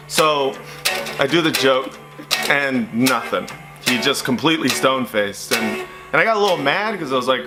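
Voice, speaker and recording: Male comic storyteller, animated, impressions and sound effects, music playing under him. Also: medium pitch, moderate pace. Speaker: stand-up comedian. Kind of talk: stand-up storytelling.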